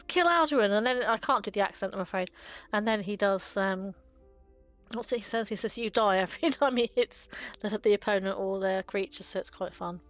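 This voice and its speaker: Chatty woman musing over card art. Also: medium pitch. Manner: chatty and fond, with frequent ums and small laughs. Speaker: card game video host. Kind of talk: casual commentary on card art.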